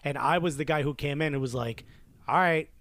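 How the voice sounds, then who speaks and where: Animated storytelling man from Newark. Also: on the high side, fairly quick, no echo. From Newark, New Jersey. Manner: animated storyteller who acts out quoted dialogue. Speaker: podcast co-host telling a story. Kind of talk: casual chat, storytelling.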